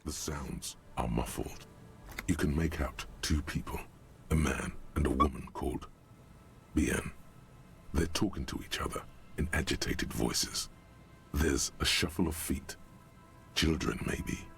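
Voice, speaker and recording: An actor playing a calm game narrator, measured and matter-of-fact. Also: male voice, rumbling low, creaky, soft background music, exaggerated voice. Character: calm deep-voiced male game narrator.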